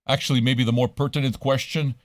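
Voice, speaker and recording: This is a man, hosting a loose, chatty radio stream. His talk is full of swearing and wandering asides, with easy switches into French. His voice sits at an ordinary pitch, recorded close and dry. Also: fairly even intonation, a little fast, dry recording. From Montreal, Canada. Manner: profane, rambling, switches into French. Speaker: radio show host. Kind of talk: casual livestream chat.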